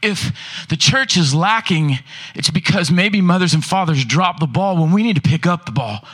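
A man preaching in a church, his voice sitting high and bright. He is animated and keeps firing rhetorical questions at the congregation. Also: normal speed. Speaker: pastor. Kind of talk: sermon.

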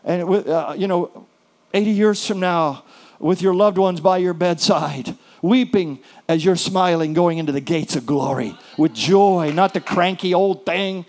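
A middle-aged male pastor preaching, his voice sitting a little higher than most men's. He tells stories in an animated way, dropping to hushed, soft lines and then rising into loud, emphatic bursts. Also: unhurried. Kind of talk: sermon.

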